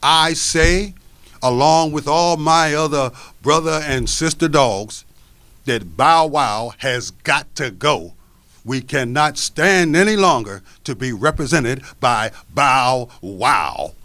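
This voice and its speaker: A man's voice: mid-range voice, expressive, slow pace, bright, forceful tone, exaggerated voice. A man voicing a determined male pit bull who firmly announces a plan to other dogs. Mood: resolute. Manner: firm, rallying declarations.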